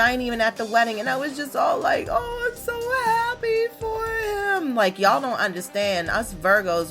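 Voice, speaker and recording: A woman, hosting a casual solo podcast in a brash, profane, animated way with sudden loud outbursts. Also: medium pitch. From Baltimore area, USA. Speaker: podcast host.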